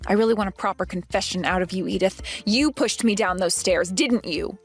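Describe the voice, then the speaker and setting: A woman's voice: mid-range voice, brisk, slightly rough, soft background music. A woman voicing a firm young wife. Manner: firm, questioning. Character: young pregnant wife, calm but firm. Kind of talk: story narration drama.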